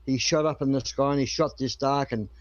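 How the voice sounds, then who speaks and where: A man's voice: medium pitch, fairly even intonation, fairly quick, lo-fi sound. A man telling a long joke in a rambling way, with many restarts.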